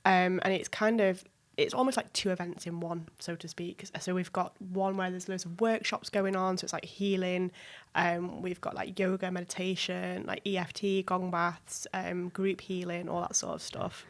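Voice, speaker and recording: A woman guest in a podcast interview, talking in an excited, chatty way with lots of fillers. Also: fairly low pitch, moderate pace. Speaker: guest, event organiser. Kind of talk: casual interview chat.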